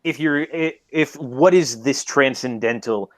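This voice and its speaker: A man's voice: medium pitch, measured pace, no room sound. A man who is a guest on an online debate show, talking in a hesitant, searching way with many fillers. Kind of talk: casual debate chat.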